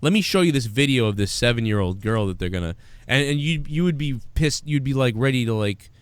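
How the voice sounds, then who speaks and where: A man's voice: mid-range voice, animated, a little fast, clear, resonant tone, no echo. A man hosting a live stream, chatting casually, rambling and swearing, and reading out viewer donations. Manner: rambling, profane, reads out donations. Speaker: show host.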